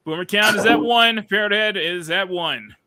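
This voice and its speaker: A man hosting a casual live stream, excitable and giggly, greeting viewers in chat by name. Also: sits high, normal speed. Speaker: streamer host.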